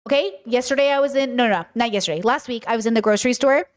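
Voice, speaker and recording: A woman in her thirties with an American accent, hosting a casual podcast monologue, animated and swearing often as she acts out her own reactions. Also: a little high, rapid-fire. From United States. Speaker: podcast host.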